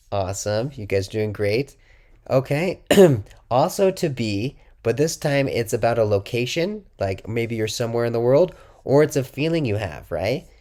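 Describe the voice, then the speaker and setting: A man teaching a casual video language lesson, encouraging and upbeat, who reads his example sentences slowly and carefully and often clears his throat. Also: medium pitch, mellow. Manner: encouraging, says "muy bien" and "awesome" after each example. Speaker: Spanish teacher.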